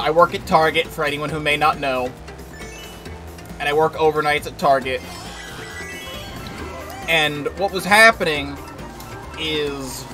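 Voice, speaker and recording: A man streaming a racing game, chatting casually and telling a rambling work story with lots of filler words and the odd swear. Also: fairly high pitch. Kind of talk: casual gameplay commentary and storytelling. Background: game music.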